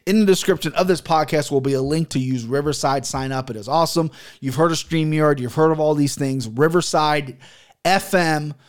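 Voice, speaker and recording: A man hosting his own podcast, talking loosely and jokingly with frequent profanity, mixing stories, ad reads and betting picks. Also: fairly high pitch. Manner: loose, profane, jokey storytelling. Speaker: podcast host and sports betting picker. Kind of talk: casual solo podcast chat.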